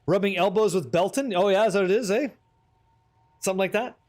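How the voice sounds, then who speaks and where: A man's voice: sits high, fast, a little mellow. A man streaming a game, chatting casually with his viewers, joking and swearing freely as he reads the chat. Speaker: livestream gamer.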